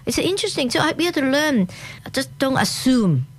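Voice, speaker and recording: A guest in a casual interview, this woman speaks with a Hong Kong accent in a high-pitched, fairly quick voice. Her talk comes in short, animated bursts, and she often restarts.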